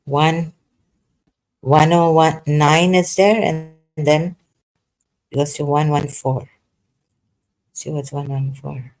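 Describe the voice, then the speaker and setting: Slow, halting man reading scripture aloud. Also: a little high, little pitch movement, rough recording. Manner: sarcastic, halting, with many fillers. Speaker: livestream host.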